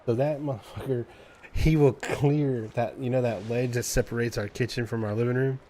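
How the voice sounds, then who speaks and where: A man streamer chatting casually, telling an animated story in a loose, profane way and imitating cat noises. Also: medium pitch, normal speed, slight background noise. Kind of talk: casual chat.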